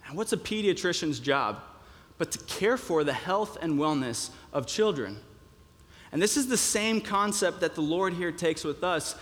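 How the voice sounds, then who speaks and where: A man's voice: on the high side, expressive, moderate pace, fairly bright tone. A young man preaching a sermon in a conversational way, with many fillers and restarts. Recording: long reverb of a hall.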